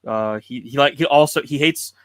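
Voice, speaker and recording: Guy hosting a video chat, asks questions kinda haltingly, dry sound. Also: medium pitch, no echo. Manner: prompting questions, loose and hesitant. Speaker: host. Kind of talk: casual interview chat.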